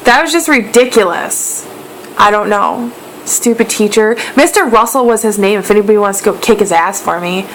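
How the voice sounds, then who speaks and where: A woman's voice: medium pitch, a bit bright, slight background noise, rough recording. A young woman vlogger chatting casually and animatedly, full of "like" and "um" and casual swearing. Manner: swears casually while telling stories. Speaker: beauty vlogger. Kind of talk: casual chat.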